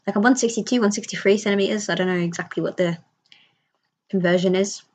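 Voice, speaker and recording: A woman in her thirties, hosting a casual livestream and telling family stories in a chatty, animated way. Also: mid-range voice, quick pace. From United Kingdom. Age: 30s. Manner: chatty, animated retelling with quoted voices. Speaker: livestream host. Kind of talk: casual storytelling chat. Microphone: laptop or phone mic.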